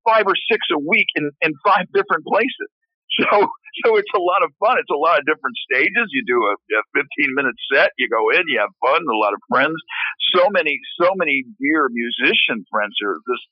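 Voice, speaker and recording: A man's voice: on the high side, animated, a little fast, no echo. A man, a musician guest on a radio show, chatting loosely about his life with the flair of a showman and many restarts. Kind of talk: casual interview talk. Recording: dull, lo-fi radio sound.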